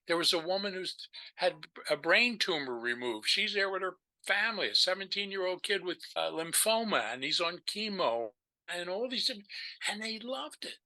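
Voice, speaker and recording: An older man tells a long story as a podcast guest, rambling and full of restarts. His voice is very bright and ringing, a little high for a man. He talks in an animated, chatty way. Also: normal speed, poor audio. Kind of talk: storytelling in a casual chat.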